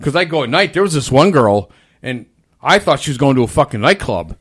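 Profane, animated man telling workplace stories. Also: medium pitch, fairly quick, breathy edge. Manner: profane storyteller, mimics people in shifting voices. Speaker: fast food worker. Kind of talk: casual chat.

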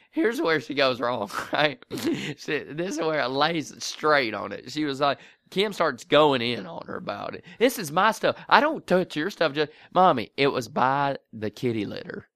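In studio-quality audio with no echo, a man co-hosting a podcast talks at normal speed with a medium pitch. He's animated, laughing often as he tells a story and performs the voices of those involved.

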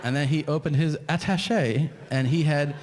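A man doing a stand-up comedy set, telling his story in an incredulous, ranting way that climbs toward shouting. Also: a little high, normal speed. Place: large theater stage with audience. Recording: live hall with long reverb and audience noise. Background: audience laughter.

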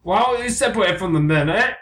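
A man voicing a brash young male cartoon bird in a put-on British accent, loud and full of slang, in an improvised comedy skit. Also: high-pitched, expressive, fast, reverberant, pitched above the performer's own voice. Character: brash young male macaw, rowdy bloke.

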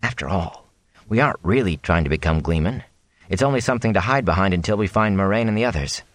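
A man's voice: deep voice, expressive, fast, no room sound. A man voicing an earnest, stubborn young farm lad who speaks firmly.

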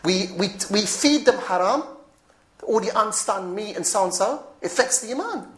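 Animated woman preaching, roomy echo. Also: mid-range voice, normal speed. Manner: animated, chuckling asides, repeats phrases. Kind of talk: informal religious talk.

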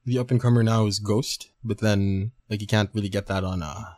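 A man co-hosting a podcast, patiently explaining web software in a casual, halting way, with the odd swear word. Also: on the low side, steady tone. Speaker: podcast co-host. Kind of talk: casual tech chat, explaining.

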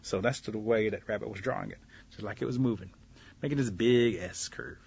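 A man telling a folktale aloud as a radio host and storyteller, animated and chuckling at his own tale. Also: on the low side, brisk, creaky, husky. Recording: dull lo-fi radio recording.

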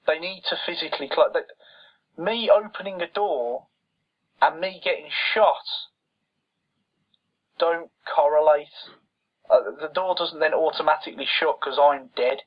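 A man's voice: fairly high pitch, a little slow, pauses often. Exasperated man griping about a film. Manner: exasperated, sarcastic, mocks characters in quoted voices. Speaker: podcast co-host. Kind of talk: casual film critique chat. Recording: dull lo-fi audio.

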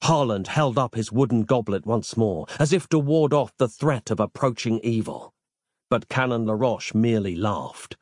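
A man narrating a fantasy audiobook in an expressive, theatrical storytelling manner. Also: medium pitch, normal speed, dry recording, clean studio sound.

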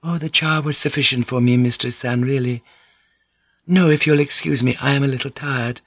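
A man's voice: mid-range voice, fairly even intonation, moderate pace, a bit bright, husky, no echo, pitched above the performer's own voice. A man voicing a polite, tactful young courtesan with a soothing, diplomatic manner.

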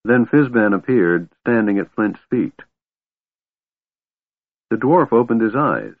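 A man reading fantasy fiction aloud in an expressive, measured storytelling manner. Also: lowish voice. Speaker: audiobook narrator. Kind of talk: scripted fantasy narration. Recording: dry thin phone-like audio.

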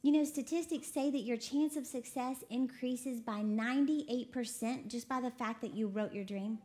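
A woman from Texas preaching a lively sermon, laughing often and quoting voices as she talks. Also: on the high side, moderate pace. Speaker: preacher co-hosting a broadcast. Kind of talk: sermon to a women's audience.

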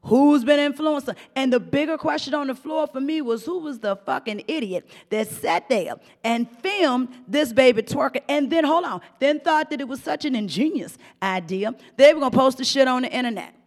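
A middle-aged woman hosting a profane, animated commentary rant, often mimicking voices and laughing. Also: high voice, moderate pace, hardly any pauses, big-room sound. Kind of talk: ranting commentary monologue.

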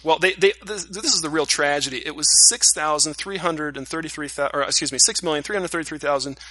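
Bright wry man steering the chat. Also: on the high side, fast, dry recording. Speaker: podcast host. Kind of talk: casual chat.

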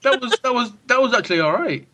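Yorkshire guy co-hosting a podcast, bright sharp voice, teasing and jokey. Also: extremely high pitch, expressive, fast. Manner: joking, teasing, restarts phrases. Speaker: podcast co-host. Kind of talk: casual chat.

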